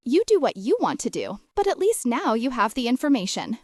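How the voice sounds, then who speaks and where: A calculating businesswoman laying on a syrupy, put-on Southern drawl, every word dripping with false sincerity, as the woman reading the story puts her on. Her voice swoops and lilts, pitched a little high. The sound is dry and close. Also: sing-song, a little fast, a little mellow, no echo. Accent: put-on Southern American. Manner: syrupy, fake-sincere, breathless. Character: scheming middle-aged woman faking Southern sweetness.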